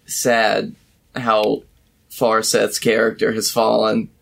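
Bright-toned man, laid-back podcast chat. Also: lowish voice, monotone, takes it slowly, vocal fry. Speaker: podcast co-host. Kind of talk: casual wrestling chat.

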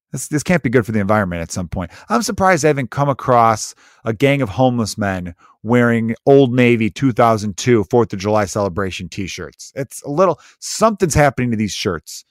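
A man's voice: mid-range voice, animated, brisk, few pauses, no room sound, clean studio sound. A man in his mid-thirties riffing in a casual, sarcastic, profane comedic monologue as a podcast host. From United States. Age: 30s. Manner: rambling, profane, sarcastic storytelling.

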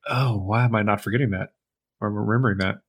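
A man's voice: fairly low pitch, fairly even intonation, fast talker, slightly rough. A man co-hosting a podcast, chiming in with reactions and laughing in casual chat. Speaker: podcast co-host.

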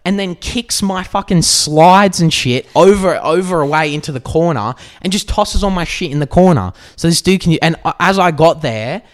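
A man's voice: on the high side, normal speed, hardly any pauses. A man with an Australian accent co-hosting a podcast, telling stories animatedly with plenty of swearing. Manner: animated storyteller, swears freely. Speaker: podcast co-host. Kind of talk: casual podcast chat.

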